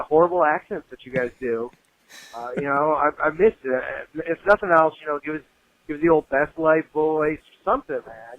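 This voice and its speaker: A man leaving a joking voicemail for a podcast, talking loosely to the hosts. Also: on the high side. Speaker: listener calling in with voicemails. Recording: tinny phone-line voicemail.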